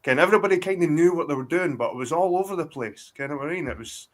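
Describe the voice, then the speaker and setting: Fast-talking and fairly high-pitched, this guest is a man from Scotland in his forties. Over a video call he tells profane, meandering stories in casual conversation, starting over again and again.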